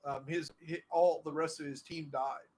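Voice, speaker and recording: A man's voice: on the high side, steady tone, moderate pace, a little mellow, rough recording. A middle-aged man chatting casually while playing a game, telling a long story with many fillers and restarts. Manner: rambling, full of fillers and restarts. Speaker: gaming streamer.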